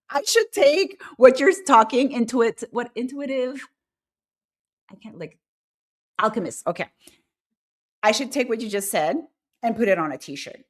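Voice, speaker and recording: A woman's voice: on the high side, lively intonation, unhurried, pauses often. A woman hosting an online talk show, ranting bluntly and animatedly in casual chat with her live viewers. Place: lives in Quebec, Canada.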